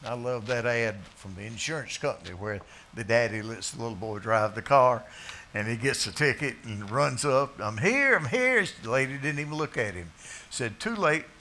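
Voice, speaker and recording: A man preaching a sermon in a bar, swinging from quiet asides to loud, drawn-out scripture quotes. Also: medium pitch.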